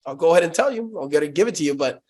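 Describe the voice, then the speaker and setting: A man's voice: on the high side, animated, rapid-fire, darkish tone. A young man telling sales stories in a casual interview, profane and hyped, saying "bro" constantly. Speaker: guest, sales company founder.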